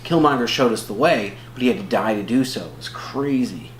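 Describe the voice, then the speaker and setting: A man's voice: medium pitch, lively intonation, a little fast. A man co-hosting a casual movie review podcast, rambling along with lots of fillers and restarts. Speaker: podcast co-host. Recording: roomy echo with faint hum.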